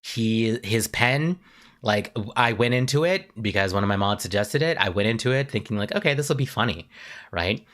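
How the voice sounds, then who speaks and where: Streamer guy chatting on a live stream, rambles and trips over his words, bright lively voice. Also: on the low side, normal speed. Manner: rambling and tangent-prone, stammers on restarts. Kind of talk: casual live-stream chat.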